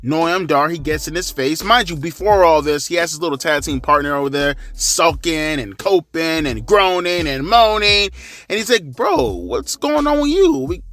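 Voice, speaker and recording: Bright-voiced, slangy young man ranting. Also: on the high side, normal speed. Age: 30s. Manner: slangy, animated, crude. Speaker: wrestling commentary vlogger. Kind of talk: casual profane rant.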